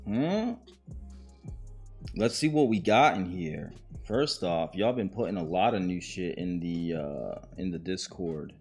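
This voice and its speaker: A man hosts a live stream and reacts to viewer clips with easy, slangy jokes. He talks at a slow, drawn-out pace. Soft music plays under his voice. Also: sits low, lively intonation, breathy edge. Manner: uses slang and swearing. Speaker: podcast host. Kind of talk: casual live-stream commentary.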